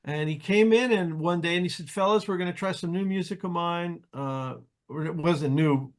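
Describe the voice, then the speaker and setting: Older male guest, slightly high voice, chatty storyteller, restarts a lot. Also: normal speed. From New Jersey, US. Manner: animated anecdotes, acts out quoted voices, frequent restarts. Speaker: interview guest, jazz pianist. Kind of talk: casual storytelling.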